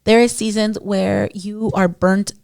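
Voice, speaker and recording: A woman's voice: medium pitch, steady tone, a little slow, gravelly, darkish tone, clean tone, no room sound, clean studio sound. A woman esthetician hosting her podcast, telling client stories in a chatty, casual way with lots of fillers, speaking into a podcast mic. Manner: chatty, many fillers, addresses listeners as guys. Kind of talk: casual storytelling monologue.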